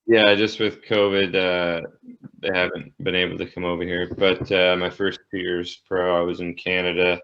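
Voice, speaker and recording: A young American man, a hockey player guest, talking in a laid-back, halting way. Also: sits low, little pitch movement, fairly bright tone, a little hiss or hum. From United States. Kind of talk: casual interview chat. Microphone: video call. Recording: dull lo-fi video call audio.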